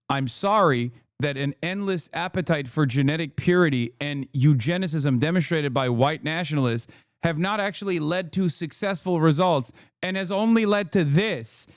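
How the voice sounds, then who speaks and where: A man's voice: a little high, clean tone, no room sound. A man reacting to a video on a livestream, ranting in an exasperated, sarcastic way into a close mic.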